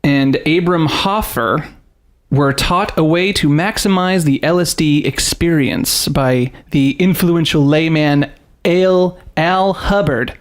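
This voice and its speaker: Give me a man hosting a podcast, animated and laughing as he tells a story. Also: a little high, slow. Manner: animated storyteller, laughs often, reads facts aloud. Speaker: podcast host. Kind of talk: casual podcast chat.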